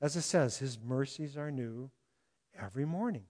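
An older man preaching a sermon in a conversational way, chuckling often and animated as he speaks. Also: medium pitch, normal speed. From California. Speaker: pastor.

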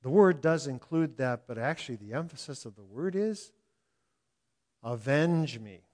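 An older man preaching a sermon in a conversational way, chuckling often and animated as he speaks. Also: on the high side, fairly quick. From California. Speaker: pastor.

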